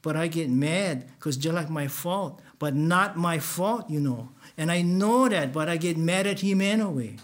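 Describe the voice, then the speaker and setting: A man's voice: a little high, lively intonation, a little slow, few pauses. A man telling a first-person story in Hawaiian Pidgin with a plain, earnest delivery.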